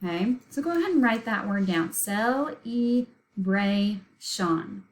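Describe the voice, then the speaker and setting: A woman teaches a recorded spelling lesson, patiently sounding out words letter by letter and syllable by syllable. Her voice is a little high and very animated, she talks fast, and the recording is rough.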